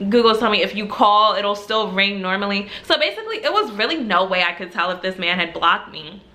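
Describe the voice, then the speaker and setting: A young woman tells a personal story straight to camera in a loose, chatty way, peppering every sentence with "like." Her voice is bright and forward, and she stays animated throughout, laughing at her own telling. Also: mid-range voice, a little fast. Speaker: storytime vlogger. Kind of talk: casual storytelling.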